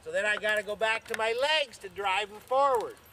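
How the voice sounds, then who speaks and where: Male riding coach mounted outdoors; pitched high, crisp, talks through drills and counts the rhythm. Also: a little fast, bright, forceful tone, slight background noise. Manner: counts strides aloud, checks in with "okay?". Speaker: horse riding instructor. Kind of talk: instructional talk while riding. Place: outdoors on horseback.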